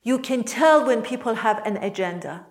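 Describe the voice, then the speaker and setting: Calm woman teaching a group. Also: fairly high pitch, normal speed. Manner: calm, asks the listeners questions. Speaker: workshop teacher and podcast host. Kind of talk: reflective teaching talk to a group.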